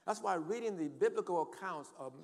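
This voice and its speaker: An older man preaching with fervent emphasis, his fairly high voice ringing out in a church sanctuary. A long hall reverb trails each phrase as he quotes scripture and prompts the congregation to answer back. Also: expressive, a little fast, darkish tone. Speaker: pastor. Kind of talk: sermon.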